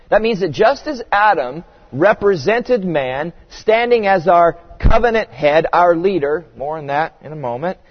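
Man preaching in a reverberant hall. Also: on the high side. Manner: earnest, emphatic preaching with rhetorical questions. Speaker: pastor. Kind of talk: sermon. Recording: dull audio with long hall reverb.

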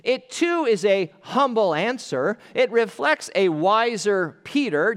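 A male pastor preaching an earnest, emphatic sermon, slowing down to stress key phrases and dropping his voice for weight. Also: high voice, sing-song, fairly bright tone. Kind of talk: expository sermon. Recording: long reverb of a large hall.

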